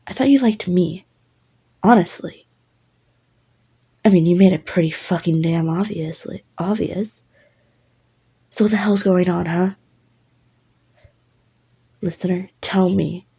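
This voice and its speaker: A woman's voice: lowish voice, flat delivery, takes it slowly, vocal fry, long pauses, mellow, husky, exaggerated voice. Woman doing a furious jealous young man. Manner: furious, swearing, demanding.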